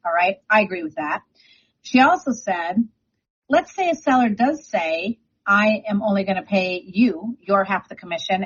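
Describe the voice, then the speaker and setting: Woman, real estate agent guest on radio, emphatic and confident, a bit husky with a frog in her throat, dull lo-fi sound. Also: mid-range voice. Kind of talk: radio talk segment.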